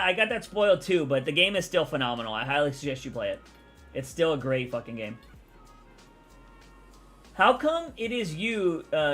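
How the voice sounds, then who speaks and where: A man's voice: on the high side, fairly bright tone. A man from Texas, rambling casually as he answers chat on his live stream. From Texas, USA.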